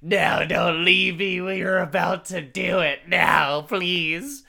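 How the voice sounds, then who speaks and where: Man doing a lovestruck farm girl, clingy, pleading, pitched up, bright voice, slow delivery. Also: fairly even intonation, vocal fry, full character voice. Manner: pleading, breathless, raised pitch.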